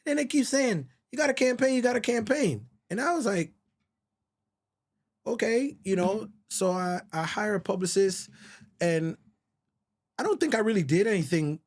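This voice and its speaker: A man's voice: sits high, lively intonation, a little slow, pauses often. A middle-aged man from the Virgin Islands, a songwriter guest telling stories candidly and emotionally, swearing often and calling people bro. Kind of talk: casual storytelling interview.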